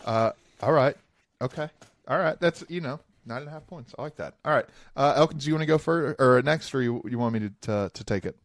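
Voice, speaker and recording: A young man co-hosting a podcast, telling stories in a casual, animated way and laughing easily. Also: mid-range voice, a little fast, no echo, studio quality. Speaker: podcast co-host. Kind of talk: casual chat.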